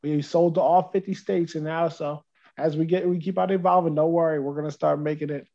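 A man's voice: fairly high pitch, fairly even intonation, a little fast, creaky, mellow, dull audio. A man from New Jersey, talking as a guest in a casual interview over a remote call, upbeat and rambling, often repeating words.

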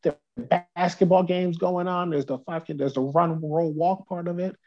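An upbeat man from New Jersey chats as a podcast guest, his voice pitched a little high and gravelly with fry. He rambles and repeats words as he talks. The call audio is dull and lo-fi. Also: fairly even intonation, normal speed. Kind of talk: casual interview chat.

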